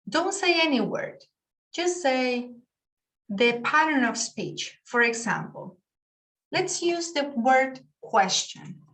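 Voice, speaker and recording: A woman's voice: sits high, a bit bright. A woman whose first language is Spanish, teaching an online class over a video call and patiently explaining with spoken examples.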